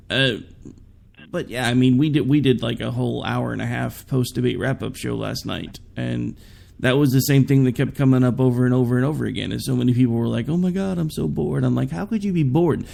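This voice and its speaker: A podcast host with a medium-pitched, creaky, darkish voice runs a political talk show. He chats casually and offers opinionated takes laced with sarcastic asides.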